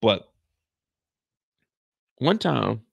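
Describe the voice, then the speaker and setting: A man recapping a TV episode in casual storytelling style, animated and profane, loudly acting out quotes. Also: mid-range voice, extremely slow, creaky, no room sound, studio quality. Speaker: recap host.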